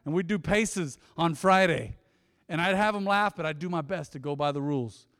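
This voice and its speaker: Man, middle-aged, pastor, upbeat sermon, slightly high voice, long church reverb. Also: normal speed. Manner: animated, swings from loud exhortation to soft asides. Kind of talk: lively sermon. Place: church sanctuary.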